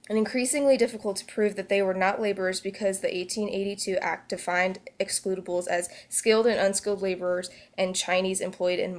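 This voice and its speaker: A woman reading a history report aloud for a class project, stumbling and restarting words now and then. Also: mid-range voice. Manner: reads aloud with occasional slips and restarts. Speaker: student presenter.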